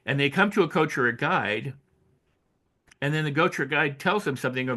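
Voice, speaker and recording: Animated older man telling stories, higher voice. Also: fairly quick. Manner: animated storytelling, acts out quoted voices; frequent restarts and repetitions. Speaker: author and personal growth coach. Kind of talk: interview conversation.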